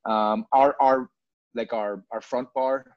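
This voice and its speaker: A man's voice: mid-range voice, steady tone, slow, no echo. A man, a bar owner chatting in an interview, rambling and repeating words as he restarts his sentences. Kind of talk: casual interview chat. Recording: dull lo-fi sound, dry.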